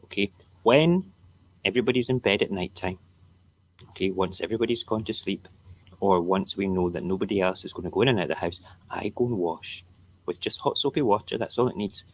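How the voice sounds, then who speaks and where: A middle-aged Scottish man with an Edinburgh accent hosts a relaxed live stream, leafing through the morning papers. His voice sits fairly low, and he rants and jokes with his viewers in a loose, chatty way. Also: fairly quick. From Scotland. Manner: ranting, jokey, talks back to chat viewers. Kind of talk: casual morning chat reading newspapers.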